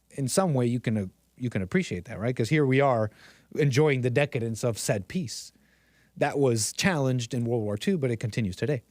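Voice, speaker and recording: A man's voice: mid-range voice, darkish tone, no echo, clean studio sound. A man live-streaming a casual, rambling monologue, often laughing at himself and restarting his sentences. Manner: rambling, self-deprecating, frequent laughs and restarts.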